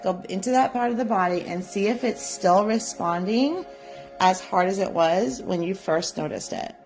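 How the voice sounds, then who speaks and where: A woman teaching a live psychic development class, guiding listeners gently and often checking in with "right?". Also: mid-range voice. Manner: gentle, coaxing, repeats "right?". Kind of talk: guided live class instruction.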